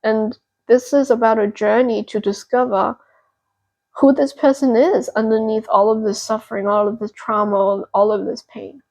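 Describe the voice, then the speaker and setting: A young woman who hosts a tarot channel leads a pick-a-card reading, speaking gently and reassuringly in a therapeutic tone. She uses lots of fillers, and her voice is a little high. The recording quality is low.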